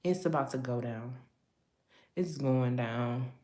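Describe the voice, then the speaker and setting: Woman preacher giving a prophetic word, low voice, rhythmic rhyming delivery, echoey room. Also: slow, dark tone. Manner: casual, laughs often while talking. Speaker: prophetic speaker.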